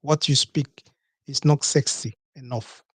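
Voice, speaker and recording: A man's voice: mid-range voice, steady tone, a little slow, fairly bright tone, husky, no echo. A man hosting a solo podcast, talking in a rhetorical way, repeating his points and asking "okay?" to his listeners. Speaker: podcast host.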